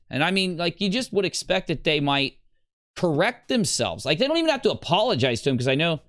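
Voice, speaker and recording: A man hosting a livestream, ranting casually in a rambling, animated way. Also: brisk, no room sound. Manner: animated, rambling, breaks into high squeals. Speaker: livestream host.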